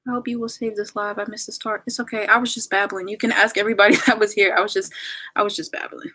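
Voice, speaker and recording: Young woman livestreamer, chatty and bright-toned, reading comments to viewers. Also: mid-range voice, level tone, fast. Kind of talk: casual livestream chat.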